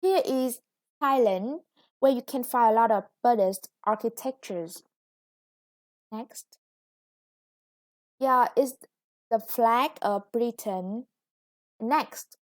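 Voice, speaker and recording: A woman's voice: fairly high pitch, slow pace, pauses often. A woman English teacher with a Vietnamese accent, explaining a lesson patiently. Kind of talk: recorded classroom lesson.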